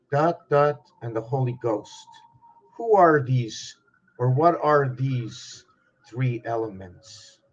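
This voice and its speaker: A man talks through a spiritual monologue at a very slow, ponderous pace, often stopping to ask himself questions aloud. His voice sits a little high, and the recording sounds dull and lo-fi.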